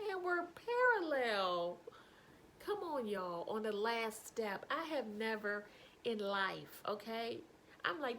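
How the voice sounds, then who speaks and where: A woman telling a personal story to camera, animated, breaking into laughter and hushed asides. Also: medium pitch, slow, vocal fry, slight background noise, poor audio. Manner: animated, breaks into helpless laughter, drops to whispers.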